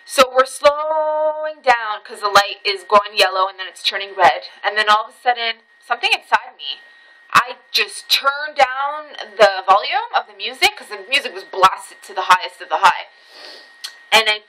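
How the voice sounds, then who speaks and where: A woman vlogger casually telling a personal story, swearing freely and jumping high in pitch at the tense parts. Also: moderate pace, rough recording. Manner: animated, swearing, voice jumps high when reliving tense moments.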